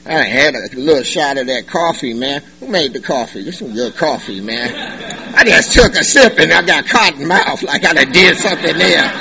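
Lively laughing man sharing his recovery story. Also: mid-range voice, low-quality recording. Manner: animated, joking, colloquial, laughs often. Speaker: recovery meeting speaker. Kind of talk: personal testimony at a meeting. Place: meeting room.

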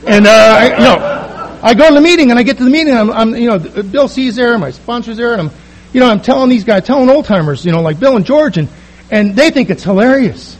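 A man's voice: very high voice, expressive, fast talker, a little hiss or hum, rough recording. A middle-aged man telling a comic, self-mocking personal story to a recovery meeting.

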